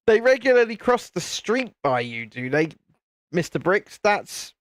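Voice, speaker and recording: British man, high voice, live-stream host, chatty, jokey, dry close sound. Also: huge pitch swings, takes it slowly, fairly bright tone, no echo. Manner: chatty and jokey, laughs often, restarts sentences. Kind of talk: casual chat while building, answering viewer comments.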